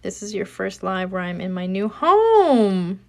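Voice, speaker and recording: A woman in her thirties with a soothing voice, chatting casually and rambling softly while she crafts at home, speaking into a phone. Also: medium pitch, big pitch swings, a little slow, soft background music. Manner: chatty, rambling, soft-spoken. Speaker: craft livestreamer.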